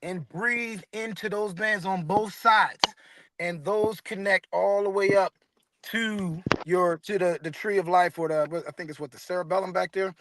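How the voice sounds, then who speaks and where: A man's voice: high voice, steady tone, a little slow, background noise. A man leading a casual spiritual discussion and guided stretching, laid-back and slangy, swearing casually. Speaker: discussion leader.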